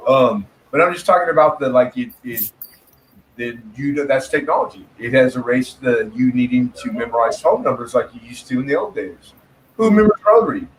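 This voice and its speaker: A man's voice: medium pitch, expressive, brisk, slight background noise, low-quality recording. Profane, storytelling man chatting casually. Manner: profane storyteller, laughs often. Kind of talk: casual chat.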